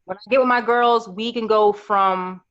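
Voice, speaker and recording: A woman's voice: mid-range voice, steady tone, moderate pace, fairly bright tone. A woman in her thirties from New York chats as a podcast guest in a mid-range voice. She tells her stories casually and animatedly, putting on her friends' voices. The recording sounds slightly muffled. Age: 30s. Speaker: podcast guest, makeup artist.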